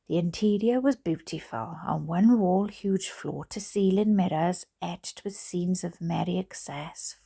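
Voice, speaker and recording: A woman's voice: fairly low pitch, gravelly, warm tone, slightly rough. A Welsh woman reading a bedtime book aloud, breaking off for chatty asides and laughing at her own slips. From Wales. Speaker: storybook reader.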